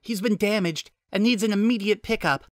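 A man voicing a worried female AI agent in a pitched-up falsetto-like voice, urgent and nervous. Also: a little slow, a bit bright, no echo, studio quality.

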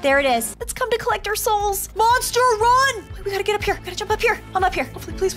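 A woman hosting an excited let's-play, reacting dramatically with squeals and gasps. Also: very high voice, fast talker, hardly any pauses. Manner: dramatic, squealing and gasping at scares. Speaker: gaming video host. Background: game music.

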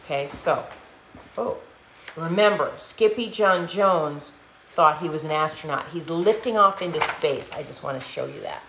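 A woman's voice: deep voice, normal speed, fairly bright tone. A woman hosting a live storytime, reading a children's picture book aloud playfully and stopping to explain words for the kids. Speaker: storytime host. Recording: echoey room, faint noise.

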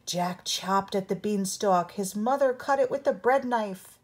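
An older woman, a grandmother, narrating a children's storybook aloud in an expressive read-along style. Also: mid-range voice, a little slow, few pauses. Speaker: storybook reader.

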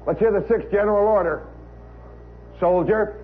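A man's voice: sits high, moderate pace, close to an everyday voice. A man voicing a stern male army colonel, clipped and commanding, on an old radio broadcast. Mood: curt. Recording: tinny 1960s radio broadcast recording, faint hiss.

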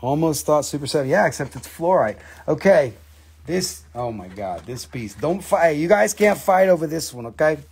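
A man hosting a live rock sale, excitable and cussing freely as he raves over each specimen. His voice sits fairly high for a man and has a gravelly, creaky edge. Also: normal speed. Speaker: host of a live mineral sale. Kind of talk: live-stream sales talk.

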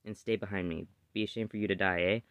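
A man voicing a huge, gruff, protective winged warrior who gives blunt commanding warnings in a storybook reading. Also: low voice, fairly even intonation, fast talker, a bit bright, no echo.

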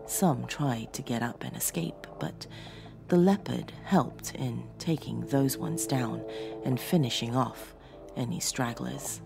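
A woman narrating a horror story in a slow, dramatic storytelling manner as host of her own show. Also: very deep voice, creaky. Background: faint music.

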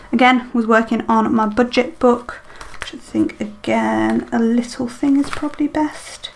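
A woman talks her way through decorating a planner, musing aloud with lots of ums and small questions to herself. Her voice sits a little high, with a gravelly, creaky texture. A faint hum runs under the recording. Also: a little mellow. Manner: chatty, self-talking while decorating, many ums. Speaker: planner vlogger. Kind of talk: casual plan-with-me chat.

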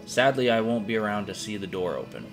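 A man voicing a dying adventurer's note in a slow, tired, grave reading. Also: on the low side, over music, close to an everyday voice.

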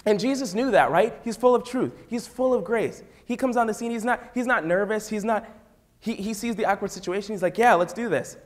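A man's voice: high voice, fairly quick. Storytelling youth pastor, Midwestern man. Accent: Midwestern American. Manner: storytelling, acts out voices. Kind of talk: sermon.

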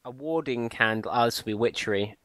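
A man co-hosts a game let's-play in relaxed, casual banter. His voice is ordinary and mid-pitched, and he keeps teasing his friend with mock insults. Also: a little fast, no echo. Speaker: co-host in a Minecraft let's-play. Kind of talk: casual gaming chat.

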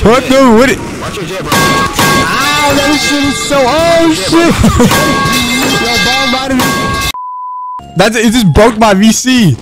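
A young man doing casual, excitable gaming commentary in voice chat, often laughing and swearing. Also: very high-pitched, very slow, pauses often. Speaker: gaming YouTuber. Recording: gameplay music behind.

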